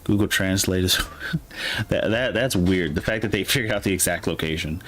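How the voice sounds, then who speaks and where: Low-voiced Midwestern American man rambling. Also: normal speed, fairly bright tone. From Michigan, US. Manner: rambling, talks to himself, many "like" fillers. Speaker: gaming streamer. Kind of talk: casual gameplay commentary.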